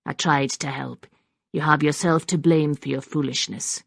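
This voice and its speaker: A woman voicing a proud, bitter young Highland woman with a Scottish accent, cold and brittle in manner. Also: steady tone, normal speed, creaky, dry recording, studio quality.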